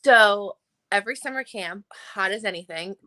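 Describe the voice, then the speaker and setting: Chatty female guest with a bright, crisp voice, calling in from her office. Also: mid-range voice, moderate pace. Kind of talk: casual chat.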